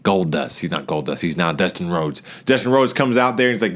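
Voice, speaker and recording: A man giving a casual wrestling show recap, animated, often laughing and acting out wrestlers' lines in raised voices. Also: low voice, a little fast, hardly any pauses.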